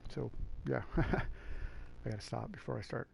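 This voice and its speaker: Man, racing league host, gravelly voice, casual stream commentary, rambling, excitable. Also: mid-range voice, a little slow, background noise. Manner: rambling and excitable, calls everyone man and dude.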